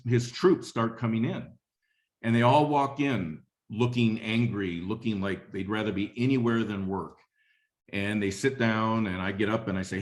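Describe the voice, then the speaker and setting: Low-voiced man telling a leadership story. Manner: conversational storyteller, repeats phrases. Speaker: webinar speaker on leadership. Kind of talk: motivational talk with anecdote.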